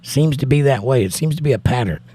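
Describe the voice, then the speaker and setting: A man hosts a livestream, reading viewer comments aloud and chatting in a casual, wry way. His voice is medium-pitched, dark and husky, and he talks fast with lively intonation.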